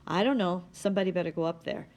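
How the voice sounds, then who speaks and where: A woman's voice: fairly low pitch, fast talker, a little mellow, lightly acted. A woman reading the lines of a worried, weary middle-aged father in an earnest, pressing way.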